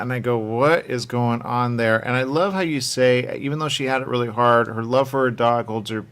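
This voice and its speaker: A man's voice: mid-range voice, creaky, fairly bright tone. A man interviewing a filmmaker in a casual, rambling way, often acting out little quotes as he talks.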